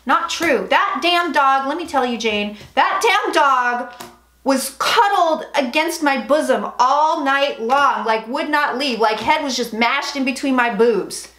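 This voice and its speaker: A woman's voice: high-pitched, lively intonation, unhurried, sharp tone. A young woman hosting a casual tarot livestream, chatty and frank, swearing and reading viewer comments aloud. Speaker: psychic livestream host. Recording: echoey room, faint noise.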